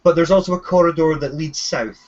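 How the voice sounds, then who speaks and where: Man, game master, fairly high voice, stumbling over words, muffled lo-fi audio. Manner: halting, repeats words, laughs often. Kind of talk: narrating a tabletop game. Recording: dull lo-fi recording.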